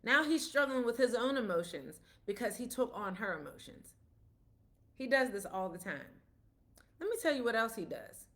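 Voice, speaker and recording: A woman's voice: a little high, very animated, moderate pace, a bit bright. Chatty woman explaining with everyday examples. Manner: conversational, storytelling with quoted dialogue. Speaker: parent speaking about autism. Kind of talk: casual explanatory talk.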